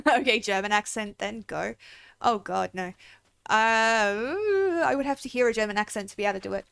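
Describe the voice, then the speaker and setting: A woman's voice: medium pitch, brisk, gravelly, a bit bright, smooth, dry recording. A young woman streaming a game, chatting casually and rambling with frequent giggles. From Australia. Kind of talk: casual livestream chat.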